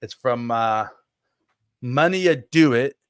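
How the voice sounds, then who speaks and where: A man's voice: mid-range voice, lively intonation, takes it slowly, smooth, dry recording, studio quality. A man co-hosting a podcast in casual chat, joking around with playful exaggeration. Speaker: podcast co-host.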